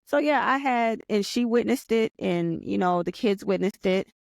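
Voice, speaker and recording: A woman in her forties tells her own story as a podcast guest, earnest and animated, circling back with repeated phrases and restarts. Her voice sits at a middling pitch and comes across close and dry, with no room around it. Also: moderate pace, creaky, no echo. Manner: earnest and animated, reliving events aloud; often repeats herself and restarts sentences. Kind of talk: personal storytelling in conversation.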